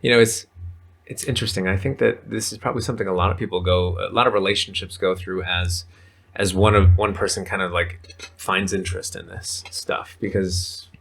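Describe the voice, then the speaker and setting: A man's voice: low-pitched, fairly even intonation, fairly quick, creaky, a bit bright. A man talking as a podcast guest in casual, rambling conversation, full of fillers. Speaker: podcast guest, men's coach.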